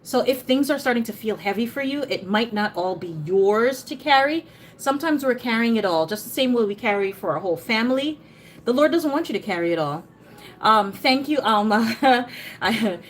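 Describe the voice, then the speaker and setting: Cooking in her home kitchen, a woman from Jamaica who speaks with an American accent keeps up casual live-stream chat, calling out viewers by name and cheering them on. She has a fairly high pitch, and the rough recording has a bit of hiss or hum.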